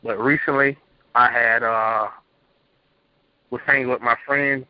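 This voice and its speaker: A man's voice: mid-range voice, steady tone, a little slow, no room sound. Earnest young man calling in. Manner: earnest, plain, rambling testimony. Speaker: caller. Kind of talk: telling his story on a call-in show. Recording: muffled phone-line audio.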